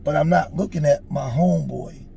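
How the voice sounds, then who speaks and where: A man's voice: a little high, moderate pace, creaky, dark tone, slight background noise. A man in his forties telling a personal story in a casual, earnest way, with emphatic, preachy asides. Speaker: storyteller on a street interview show.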